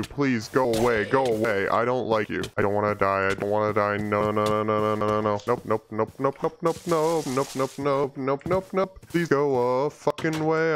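A young man giving crude, panicky, mock-grandiose commentary over his gameplay. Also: fairly low pitch. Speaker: gaming YouTuber.

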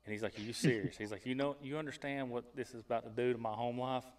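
A man hosting a casual podcast, telling a hunting story in a lively way and laughing as he goes. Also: medium pitch, quick pace.

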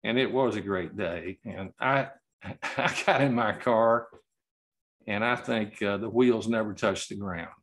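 A man giving an award acceptance speech over a video call, telling a story slowly and haltingly and choking up at times. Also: fairly low pitch. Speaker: award recipient.

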